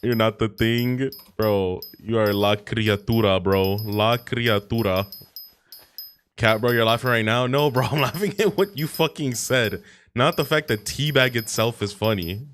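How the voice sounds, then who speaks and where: A young man chatting on a casual livestream, swearing freely and bantering in an animated way. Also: mid-range voice, normal speed, a little hiss or hum. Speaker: streamer.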